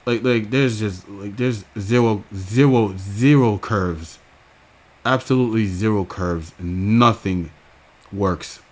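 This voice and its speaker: A man giving profane reaction commentary, crude and incredulous, with loud outbursts. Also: on the low side, steady tone, measured pace.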